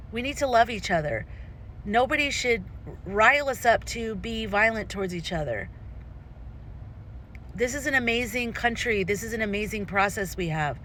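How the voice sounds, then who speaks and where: Woman vlogger, impassioned and rambling, crisp bright tone, faint noise behind. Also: a little high. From United States. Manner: impassioned, rambling with frequent restarts. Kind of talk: personal opinion vlog.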